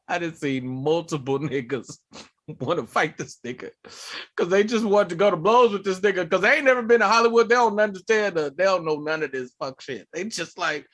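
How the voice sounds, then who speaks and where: A man, a comedian and podcast co-host, telling animated, profane stories in casual chat. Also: high-pitched, brisk.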